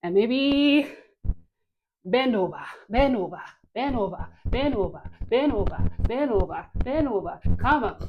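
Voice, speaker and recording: Breathy, slow-cueing woman dance teacher. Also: on the high side, lively intonation, dull audio. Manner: slow, breathy cueing with frequent laughs and sighs. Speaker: dance instructor. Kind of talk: cueing a dance workout class.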